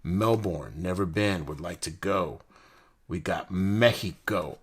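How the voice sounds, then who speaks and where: A young man from the United States chatting casually and excitedly while opening and reviewing card decks, full of slang and jokes. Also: deep voice, slow, slightly rough. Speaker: card collector host. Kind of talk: casual unboxing chat.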